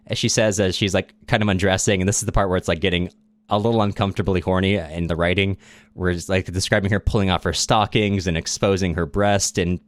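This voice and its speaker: Guy with a lowish voice on a podcast, just chatting thru a story, dry close sound. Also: steady tone, fast talker, no room sound. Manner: retells the plot loosely with fillers, restarts and chuckles. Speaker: podcast co-host. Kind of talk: casual literature podcast chat.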